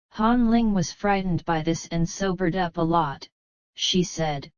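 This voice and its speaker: Brief: female novel narrator, smooth clear voice, even and unhurried, dull-sounding recording. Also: on the low side, no echo. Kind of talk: novel reading. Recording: slightly dull, muffled.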